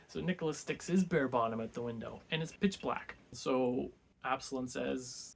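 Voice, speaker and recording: Young man, casual book club host, chatty storytelling, quick character voices, mid pitch. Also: creaky. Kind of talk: casual retelling of a classic book.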